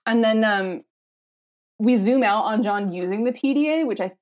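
A woman co-hosting a podcast casually talks through a comic's story, explaining each point in a chatty way and using plenty of "um" and "like." Her voice is average in pitch for a woman and moderately paced, with the highs cut off.

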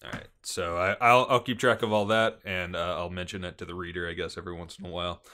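Low-voiced man running a tabletop game. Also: level tone, fast talker, bright, forceful tone. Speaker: game master.

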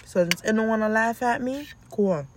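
A woman, a mother of two, telling stories about her children in a casual vlog, animated and acting out her own yelling, with a lilt. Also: fairly high pitch, normal speed, slight background noise.

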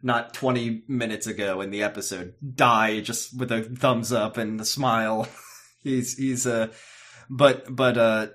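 Brief: male co-host on a home call mic, mid-pitched, animated recap storyteller who laughs and curses. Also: measured pace. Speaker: podcast co-host. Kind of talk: casual chat recapping a TV episode. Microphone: home mic on an online call.

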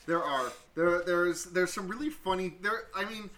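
A man's voice: high voice, moderate pace, pushed and bright, a little hiss or hum. A man co-hosting a casual podcast about a film, rambling and restarting his sentences, with plenty of swearing. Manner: rambling, restarts often, profane. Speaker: podcast co-host.

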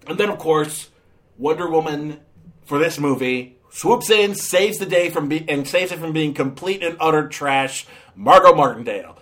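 A man's voice: fairly high pitch, unhurried, a bit bright. A man giving a casual, ranting movie review, sarcastic, with many fillers and restarts.

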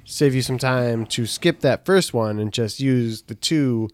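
A man co-hosting a comedy podcast, asking dry, deadpan questions. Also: mid-range voice, unhurried, no echo. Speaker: co-host.

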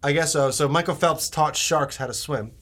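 A man's voice: a little high, normal speed, a bit bright. Laid-back young man swearing in casual chat. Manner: laid-back, swears a lot, laughs often. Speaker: podcast co-host. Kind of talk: casual podcast banter.

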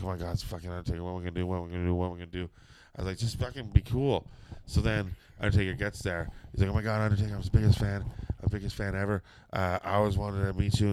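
Over a noisy background, a middle-aged man races through a long, foul-mouthed story with hardly any pauses, his voice low. He chats casually and animates the characters by quoting their voices.

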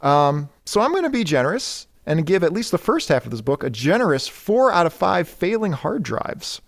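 A man's voice: a little high, big pitch swings, normal speed, creaky. A man co-hosting a casual comic book podcast, retelling the story and acting out its lines with laughs. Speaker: podcast co-host.

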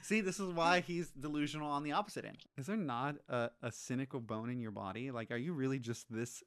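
A man in casual movie chat, animated and ranting, swearing freely. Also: mid-range voice, brisk.

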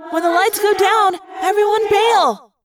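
A woman's voice: extremely high pitch, fairly even intonation, drawn-out words, far from the mic, background noise, voice pushed up, heavily acted. A woman reading aloud and voicing a brave teenage girl who calls out urgent warnings. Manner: urgent shouting.

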